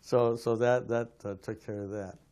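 A man's voice: medium pitch, moderate pace, clean tone. Man telling vivid stories. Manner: animated, acts out quoted voices. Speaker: devotee sharing memories. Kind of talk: anecdotal storytelling.

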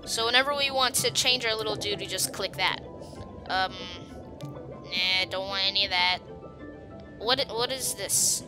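A woman giving chatty, excitable commentary while playing a video game, often talking to the creatures on screen. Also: mid-range voice, normal speed, over music. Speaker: gamer. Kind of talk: let's play gameplay commentary.

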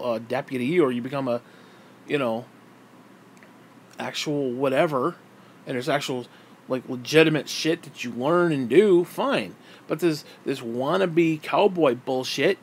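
Man ranting, heated and profane, higher-pitched voice, faint background hiss. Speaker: vlogger. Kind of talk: angry political rant.

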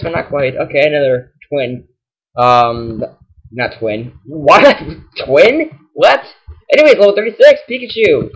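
A young man giving casual let's-play commentary, excitable and exasperated, yelling at enemies. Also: mid-range voice, normal speed. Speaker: gaming channel host.

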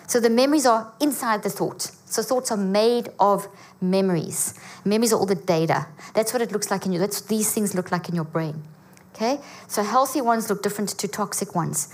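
A woman giving an energetic teaching talk to a church audience, often checking in with her listeners. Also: medium pitch, a little fast. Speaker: guest speaker. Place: church auditorium.

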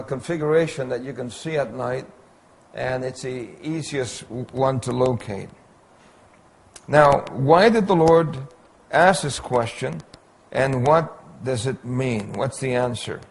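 A man giving an illustrated Bible lecture, pointing out details on slides in a slow, deliberate way. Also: mid-range voice. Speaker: Bible teacher.

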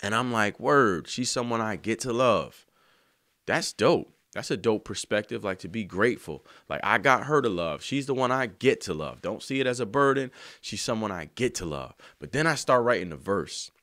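A man telling an emotional story about writing a song, earnest and slangy, sometimes softly singing lines. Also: on the low side, animated, moderate pace, dry recording, studio quality. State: choked up. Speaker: songwriter. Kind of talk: heartfelt spoken testimony.

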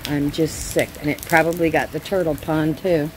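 A woman's voice: low voice, fairly even intonation, normal speed. A woman chatting casually to camera at home, frank and folksy, swearing freely. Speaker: vlogger. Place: home, porch and pool area in rain. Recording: rain noise clearly behind.

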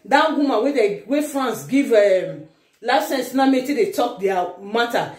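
A Nigerian woman talks straight to her followers in a teasing, animated vlog. Her voice leaps between sudden loud exclamations and low muttered asides, all of it bouncing around an echoey room. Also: unhurried. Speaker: vlogger. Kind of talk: casual commentary to followers.

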